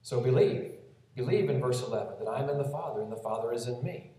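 A man delivers a gentle, expository sermon, explaining scripture verse by verse. His voice rings through a very reverberant space. He stands some way off from the microphone. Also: medium pitch, fast talker. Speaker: pastor. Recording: very echoey room, voice from a distance.

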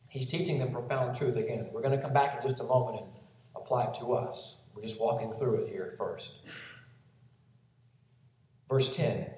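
Male preacher, gentle expository sermon, heavy room echo, mic set back. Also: mid-range voice, fairly even intonation, moderate pace, pauses often. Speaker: pastor. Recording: very echoey room, voice from a distance.

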